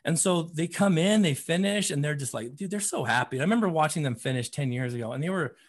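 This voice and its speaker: A man with a slightly high voice tells a story from his work as a therapist and running coach. He talks casually, full of fillers, and lively when he acts out what people said. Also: quick pace. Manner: animated, acts out quotes, many fillers like "you know" and "man".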